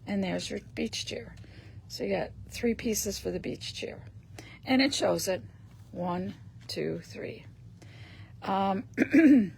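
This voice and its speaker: A woman talking slowly and casually while she demonstrates a craft, her voice gravelly with plenty of fry. She thinks aloud and clears her throat often. A faint hiss of noise sits under the recording. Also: medium pitch, a little mellow. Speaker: host of a craft shop live stream. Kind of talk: casual demonstration on a live stream.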